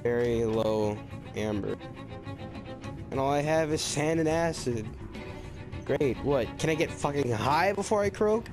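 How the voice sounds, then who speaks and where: A man giving let's-play commentary, excitable and full of swearing and rambling asides. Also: medium pitch, unhurried, long pauses. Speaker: gamer. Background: game music.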